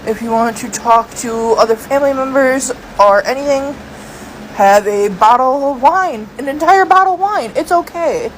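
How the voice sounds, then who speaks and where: A woman speaking in a gentle, consoling way. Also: high-pitched, lively intonation, normal speed, slight background noise, rough recording.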